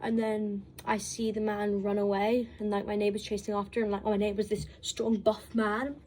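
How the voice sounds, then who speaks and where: A woman's voice: mid-range voice, normal speed. A woman casually telling a story, rambling with lots of "like" and acting out quoted dialogue. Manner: rambling, filler-heavy with lots of "like"; animated retelling with quoted dialogue. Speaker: storytime vlogger.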